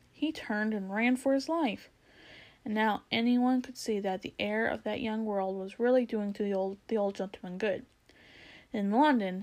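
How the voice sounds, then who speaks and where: A woman narrating a children's novel aloud in a steady storytelling way, with the odd stumble and restart. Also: medium pitch.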